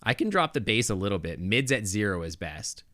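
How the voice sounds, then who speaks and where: A man's voice: lowish voice, very animated, a little fast, pushed and bright, no room sound. A male game streamer chatting casually with his viewers on a close desk microphone, thinking aloud with lots of restarts and asides.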